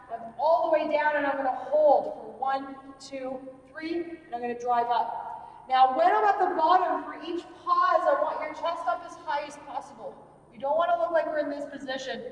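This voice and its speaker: Woman, fitness coach, high voice, upbeat, echoey gym, far from the mic. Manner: upbeat, counts reps aloud while demonstrating. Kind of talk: workout instruction. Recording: echoey gym recorded from a distance.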